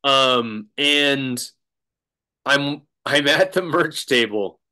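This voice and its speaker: A man's voice: medium pitch, extremely slow, bright, forceful tone, clean tone. A man, a drummer as guest, telling a rambling story in casual chat, laughing and restarting often.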